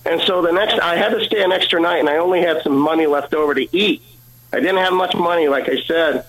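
Man, guest, personal testimony, earnest, halting, slightly high voice. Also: a bit bright, rough recording. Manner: earnest, halting, repeats words.

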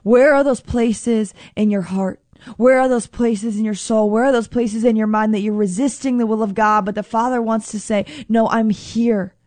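A woman hosting a radio sermon show, talking earnestly and gently, slowing down on prayerful lines. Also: mid-range voice, no room sound. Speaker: radio host and preacher. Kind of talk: reflective sermon talk.

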